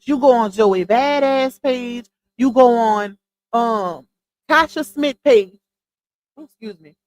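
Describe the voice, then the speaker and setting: A slightly high-voiced woman runs a casual gossip livestream from home. She talks straight to her chat in a loose, chatty way, calling her viewers "y'all" and "child". She speaks into a headset mic on her earphones. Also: low-quality recording. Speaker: livestream host.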